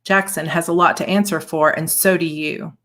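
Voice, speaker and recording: A woman's voice: low voice, steady tone, normal speed, a bit bright. A woman reading the lines of a confrontational young woman in an audiobook, her tone demanding and accusing.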